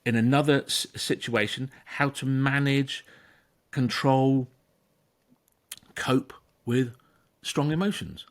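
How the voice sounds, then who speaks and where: A man's voice: medium pitch, fairly even intonation, slow, pauses often. A man, a therapist hosting a talk, explaining with emphasis and acting out inner voices. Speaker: therapist and podcast host. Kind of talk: conversational explanation.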